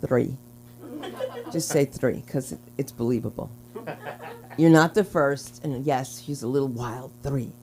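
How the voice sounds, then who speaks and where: Gravelly woman emceeing a comedy night. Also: rumbling low, measured pace, pauses often, a crowd in the background. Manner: brassy, bawdy, laughing between jokes. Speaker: open mic host. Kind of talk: stand-up emceeing. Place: small comedy club stage.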